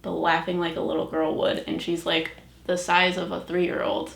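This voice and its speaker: A woman's voice: on the low side, completely flat delivery, moderate pace, gravelly, reverberant. A woman co-hosting a podcast, chatting casually and describing eerie impressions in a dramatic way. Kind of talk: casual chat.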